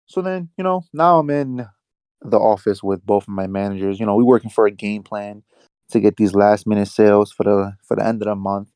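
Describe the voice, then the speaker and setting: A young man with a New York accent telling a rambling, animated work story on a casual podcast, full of slang and swearing. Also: fairly low pitch, brisk, clear, resonant tone, dry recording. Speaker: podcast co-host.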